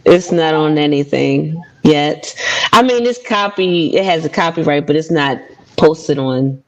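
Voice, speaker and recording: A woman's voice: deep voice, measured pace, low-quality recording. A woman from Baltimore, a guest poet, talking casually with lots of ums and restarts over a video call. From Baltimore, USA. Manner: hesitant, many fillers. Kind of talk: casual interview chat.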